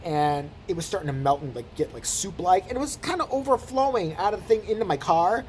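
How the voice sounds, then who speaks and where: A man's voice: high-pitched, a little fast, a little hiss or hum. A tired man ranting on camera in a profane, sarcastic, comedic style. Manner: animated, swearing, sarcastic. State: tired from little sleep. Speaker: vlogger.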